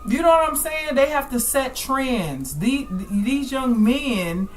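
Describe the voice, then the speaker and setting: A woman's voice: high-pitched, lively intonation, takes it slowly, slight background noise. A woman hosting a talk show, speaking emphatically and addressing listeners directly.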